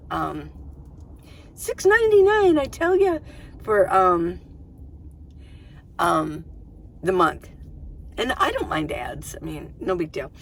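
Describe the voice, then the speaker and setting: Middle aged woman rambling casually to camera in her minivan, keeps restarting sentences, bit of low hum behind. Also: creaky. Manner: chatty and rambling, with frequent restarts. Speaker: van-life vlogger.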